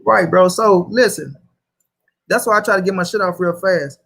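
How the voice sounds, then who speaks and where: A man runs a casual livestream and argues hard. His voice sits fairly high, and he swears freely as he reads viewer comments aloud. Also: moderate pace, creaky, fairly bright tone. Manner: heated, profane, reads chat aloud. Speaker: host.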